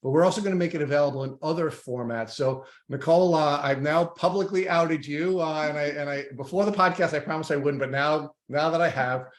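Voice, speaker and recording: Halting male podcast host, roomy sound. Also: fairly high pitch. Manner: halting, many restarts and repeated words. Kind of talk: interview podcast conversation. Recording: roomy echo.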